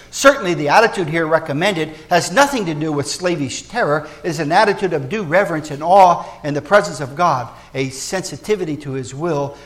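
Animated pastor with a high-set voice. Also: male voice. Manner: animated, swinging between loud emphasis and soft hushed asides; folksy and joking with the congregation. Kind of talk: sermon. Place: church.

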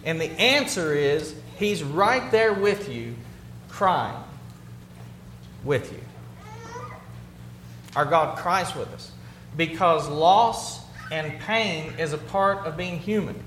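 A man preaching a sermon as a pastor. He drops to a hushed, low voice on key words, then builds back up. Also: lively intonation, slow, long pauses, a little hiss or hum. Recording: roomy, echoey hall.

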